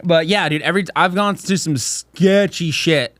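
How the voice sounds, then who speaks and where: A man's voice: fairly high pitch, moderate pace, fairly bright tone, dry recording, clean studio sound. A man co-hosting a podcast in casual chat, crude and laughing, acting out voices as he tells stories. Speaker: podcast co-host.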